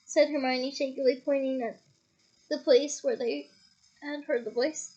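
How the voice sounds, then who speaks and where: A woman reading a novel aloud, lively, breaking off now and then for playful comments. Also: high voice, a little slow, rough recording. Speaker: audiobook reader.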